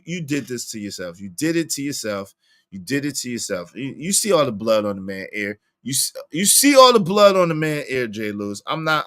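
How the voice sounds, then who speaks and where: A young man hosting a casual livestream, reading the chat aloud and teasing viewers with lots of repetition. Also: a little high. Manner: animated, teasing, repeats lines to the chat.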